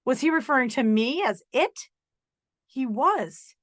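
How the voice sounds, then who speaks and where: Middle-aged woman podcast host, earnest personal monologue with sarcastic asides, slightly high voice, dry close recording. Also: expressive, measured pace, dry recording.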